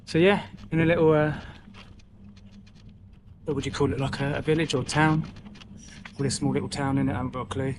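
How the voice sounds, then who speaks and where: A man's voice: mid-range voice, fairly even intonation, a little fast, long pauses. Chatty man vlogging outdoors on a bike. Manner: chatty, talks to himself and the camera, swears casually. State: out of breath. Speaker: cycling vlogger. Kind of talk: casual vlog narration while cycling. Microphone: camera mic. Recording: faint outdoor noise.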